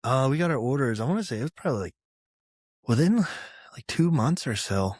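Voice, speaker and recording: A man's voice: medium pitch, brisk, husky, dry recording. A man in his thirties from Georgia, a veteran guest telling army stories in casual, profane talk and acting out the voices of others. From Georgia, USA. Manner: profane, animated storyteller who acts out quotes loudly. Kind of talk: casual storytelling interview.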